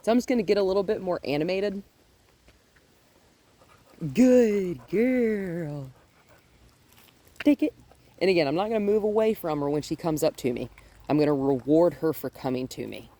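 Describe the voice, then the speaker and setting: A woman dog trainer walking a dog outdoors, explaining her steps calmly and praising the dog in a high, happy voice. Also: quick pace. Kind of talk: hands-on training demonstration. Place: outdoors in a yard with trees. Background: faint wind.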